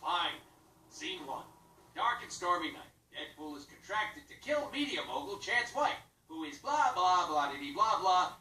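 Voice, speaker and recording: An actor voicing a sarcastic, foul-mouthed mercenary antihero in a video game, talking straight to the player. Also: male voice, high-pitched, big pitch swings, a little slow, bright, forceful tone, heavily acted. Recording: distant echoey game audio with noise.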